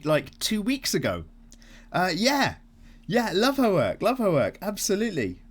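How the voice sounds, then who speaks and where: A man hosting a casual art vlog, chatting and answering viewer comments in an animated way, swearing freely as he goes. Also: high voice, normal speed. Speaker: art channel host.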